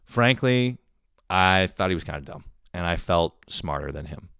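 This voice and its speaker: A young man from Canada talks solo for his podcast, rambling loosely and swearing freely. His voice sits low and deep. The recording is dry and close, with no room sound. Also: expressive, normal speed, creaky, fairly bright tone, clear, resonant tone, no echo. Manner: profane, rambling, laughing often. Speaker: podcast host. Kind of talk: casual monologue.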